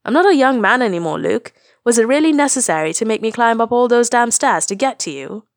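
A woman doing Han, a loud, sarcastic aging smuggler. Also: mid-range voice, lively intonation, moderate pace, dry recording, studio quality, lightly acted. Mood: exasperated. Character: gruff aging male smuggler, sarcastic, exasperated.

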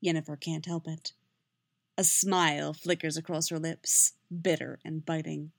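A woman narrating a fan fiction story with expressive storytelling. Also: sits low, measured pace, gravelly, dry recording.

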